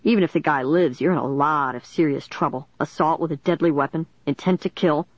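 A reader voicing a stern male police officer who speaks low and gruff. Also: fairly quick, no room sound, lo-fi sound, lightly acted.

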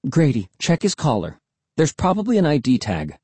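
A man's voice: fairly high pitch, huge pitch swings, moderate pace, mellow, slightly rough, no room sound, pitched above the performer's own voice, full character voice. A man reading a firm, cautious mother. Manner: firm and warning.

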